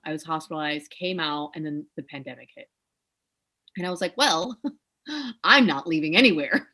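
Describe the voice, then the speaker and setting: Bright-voiced woman telling a story. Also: lowish voice. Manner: animated, emotional storytelling with laughs. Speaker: podcast guest. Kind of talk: casual storytelling chat.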